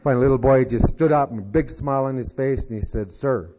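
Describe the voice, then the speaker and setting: A man telling a long folksy joke as a speaker at a recovery meeting, unhurried and full of "he said". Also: mid-range voice, warm tone. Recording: dull lo-fi 1990s tape.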